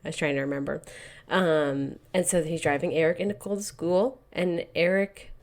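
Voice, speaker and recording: On a podcast, a female co-host with a low voice retells a novel at a moderate pace. She keeps it loose and chatty, a book-club conversation dotted with "like" and "you know."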